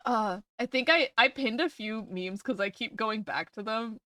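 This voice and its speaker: A young woman hosts a casual live stream, her voice sitting a little high as she giggles and swears freely between excitable remarks. Her mic is close and dry, with almost no room sound around her. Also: moderate pace, no echo.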